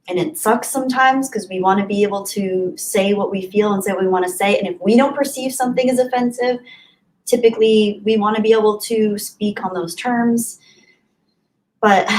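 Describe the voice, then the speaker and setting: A woman's voice: medium pitch, poor audio. Woman, young adult, livestream host, casual chat, giggly, reads viewers' comments. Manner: chatty, giggly, answers viewers by name.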